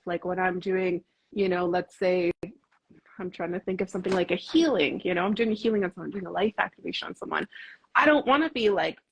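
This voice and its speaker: Woman instructor, husky voice, earnest casual talker, heavy on fillers. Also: mid-range voice, low-quality recording. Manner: earnest, uses many fillers like "like" and "you know". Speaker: martial arts instructor. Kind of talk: casual conversation.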